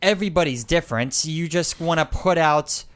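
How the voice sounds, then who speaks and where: A man co-hosting a podcast in casual chat, relaxed, who talks in bursts with fillers. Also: fairly high pitch, moderate pace, smooth. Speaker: podcast co-host.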